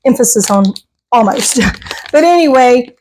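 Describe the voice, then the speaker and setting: A middle-aged woman, talking casually to her viewers in a voice that sits a bit higher than most. She rambles from one thought to the next and laughs often. She is recorded at home on a clip-on mic. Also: normal speed, noisy background. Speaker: vlogger. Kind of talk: casual chat to camera. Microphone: clip-on microphone.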